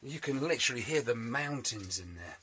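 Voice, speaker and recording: In his home shed, a motorbike restoration vlogger works on a scooter while chatting casually to camera, joking and poking fun at himself. His mid-range voice moves briskly with lively intonation, and there's background noise.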